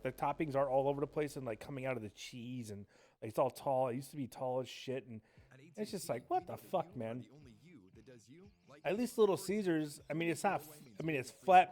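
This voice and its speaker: A man chatting casually while streaming a game, rambling and swearing, with faint game music behind him. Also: fairly high pitch. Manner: rambling, profane, excitable. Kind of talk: casual chat while gaming.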